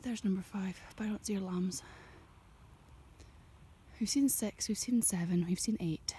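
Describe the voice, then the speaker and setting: A young farmer and ASMR creator murmurs chattily in a gentle, mellow half-whisper as she strolls among her sheep. Her mid-range voice moves a little slowly, and faint noise from outdoors sits in the background.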